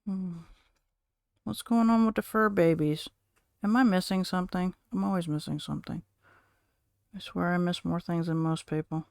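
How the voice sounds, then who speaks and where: A woman streaming from home, chatting casually and rambling to her viewers, now and then cooing softly to her cat. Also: fairly low pitch, fairly even intonation, normal speed, gravelly, pauses often, dry recording, studio quality.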